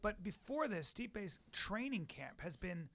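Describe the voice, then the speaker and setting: A man's voice: sits high, very animated, measured pace, a bit bright. A man co-hosting a podcast, chatting and teasing in a playful way. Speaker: podcast co-host. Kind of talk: casual chat.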